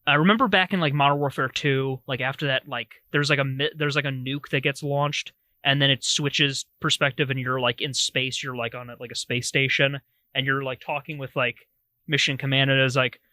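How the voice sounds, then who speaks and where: Bright-voiced man chatting about films. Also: mid-range voice, fairly even intonation, fairly quick, dry recording. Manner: rambling, restarts, many "like"s. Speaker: podcast co-host. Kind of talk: casual film review chat.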